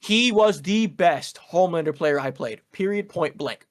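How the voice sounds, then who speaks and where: A man chatting on a podcast, animated and profane, acting out what others said. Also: a little high, normal speed. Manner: animated, profane trash talk, acts out quotes. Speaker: podcast guest. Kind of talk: casual chat, storytelling.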